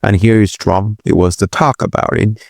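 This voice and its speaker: A man's voice: fairly low pitch, fairly even intonation, moderate pace, vocal fry, a little mellow, dry recording, clean studio sound. A man hosting political commentary, reacting to clips with hesitant restarts and incredulous exclamations.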